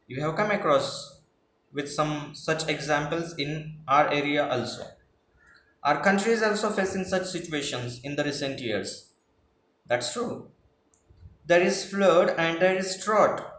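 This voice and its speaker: A man's voice: fairly high pitch, unhurried, fairly bright tone. A male teacher, patiently explaining class projects and rephrasing each point. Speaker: English teacher. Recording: echoey room with faint noise.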